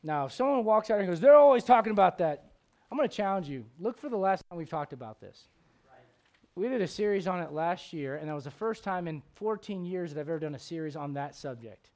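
High-voiced preacher, swinging loud and soft. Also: male voice, fairly quick. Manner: animated preaching, swings from loud emphatic questions to low quiet asides. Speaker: pastor. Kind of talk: sermon.

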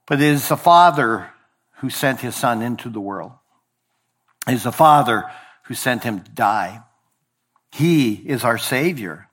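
A man preaching a sermon deliberately, slowing on key phrases and dropping low at the ends of lines, with the odd slip he corrects. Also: animated, a bit bright. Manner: occasional verbal slips and self-corrections. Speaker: pastor.

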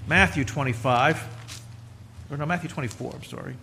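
A man's voice: mid-range voice, fairly quick, gravelly, bright, forceful tone, slight background noise. A middle-aged man preaching a folksy sermon, talking conversationally through personal stories and building to emphatic points.

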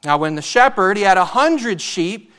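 A man's voice: high-pitched, expressive, normal speed, a bit bright. A man preaching a sermon as pastor, earnest and emphatic, asking his listeners questions.

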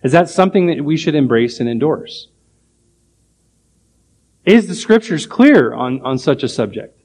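Pastor guy preaching, kinda high voice, firm and emphatic, lots of "how do we do it?" type questions. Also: expressive, measured pace, darkish tone, breathy edge. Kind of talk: sermon.

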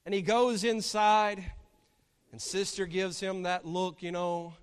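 A man with a high voice preaches a sermon, moving from gentle storytelling to fervent, emphatic appeals. His words ring out with a long hall reverb, as if from a church pulpit. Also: little pitch movement, slow, smooth. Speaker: pastor.

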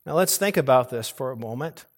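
Brisk and expressive, this man's medium-pitched voice carries an earnest sermon from the pulpit. He stresses important words forcefully, occasionally starting a phrase over or repeating it.

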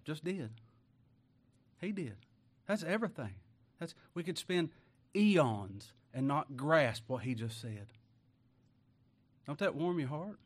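A man preaching a sermon who reads scripture loudly and slowly, then drops to quiet asides and rhetorical questions in a folksy way. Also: lively intonation. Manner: swings from loud, slow scripture reading to quiet, low asides.

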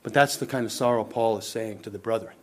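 A man preaching a sermon, impassioned, swinging between loud rising lines and hushed low ones, calling questions out to the congregation. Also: fast. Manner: impassioned, rising and dropping to near-whispered lows.

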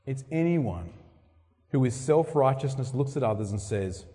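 Delivering a sermon at a moderate pace, this male preacher has lively intonation and a breathy edge. He dramatizes quoted speeches with sharp shifts in pitch and volume, and a large hall lends long reverb.

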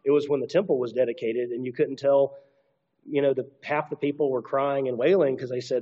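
A man's voice: medium pitch, steady tone, a little fast, muffled recording. A man preaching an expository sermon, reading scripture aloud and adding conversational asides. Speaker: pastor.

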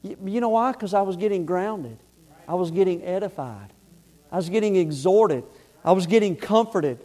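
A pastor preaches in a church sanctuary in a notably high voice with lively intonation and a moderate pace. Speaking from the pulpit, he's folksy and plain-spoken, building up to loud, emphatic exhortation.

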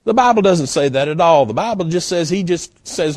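A guest pastor, preaching a sermon in a folksy, animated storytelling manner. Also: male voice, high voice, fairly quick, few pauses, dry recording, clean studio sound. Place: church.

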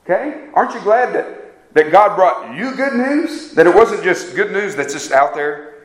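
A man's voice: sits high, big pitch swings, unhurried. A man preaching a sermon in a conversational way, often turning to his listeners with questions. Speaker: pastor. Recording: echoey room.

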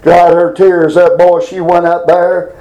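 A man preaching a plain-spoken Bible lesson. His voice sits very high for a man, and it climbs even higher when he reads verses with emphasis. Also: a little slow, low-quality recording. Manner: folksy, emphatic, reads scripture aloud with rising pitch. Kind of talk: informal Bible teaching.

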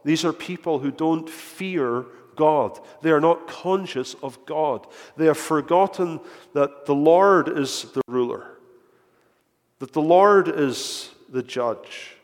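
A man's voice: a little high, takes it slowly. A man preaching a sermon in earnest tones, often repeating words as he builds a point, recorded in a church. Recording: echoey hall.

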